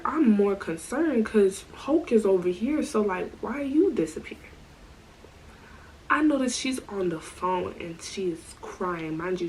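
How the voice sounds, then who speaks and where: A woman telling a storytime vlog in a casual, animated way, full of slang and asides. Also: mid-range voice, a little hiss or hum, poor audio. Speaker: storytime vlogger.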